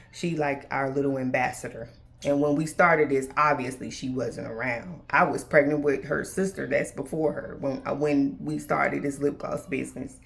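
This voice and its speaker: The host of this faith-based podcast is a woman in her thirties whose voice is low-pitched and creaky. Talking casually to y'all, she acts out exchanges with God and others.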